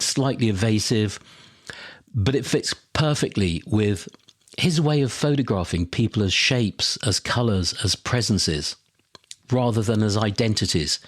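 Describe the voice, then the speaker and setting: Lowish voiced guy hosting a podcast, opinionated, dry close sound. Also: no echo. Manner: opinionated, conversational. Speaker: podcast host. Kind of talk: solo podcast talk.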